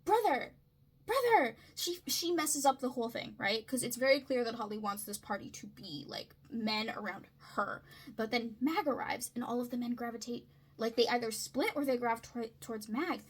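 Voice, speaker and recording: Woman video essayist, higher voice with a bright, husky edge, chatty analysis style. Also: normal speed, poor audio. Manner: chatty, frequent checks like "right?" and "okay?". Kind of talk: casual literary analysis.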